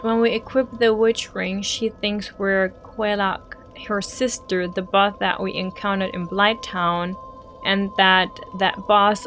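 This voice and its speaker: A woman guiding viewers through a game in chatty, emotional commentary. Her voice sits at a middle pitch, with faint music under her narration. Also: a bit bright. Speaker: game walkthrough host. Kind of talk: gameplay commentary.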